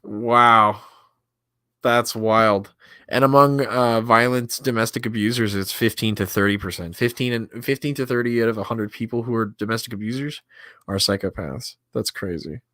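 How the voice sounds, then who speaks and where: A man's voice: lowish voice, moderate pace, pushed and bright, no echo, clean studio sound. A man hosting a casual reaction stream, crude and mocking, swearing heavily and reacting with disbelief.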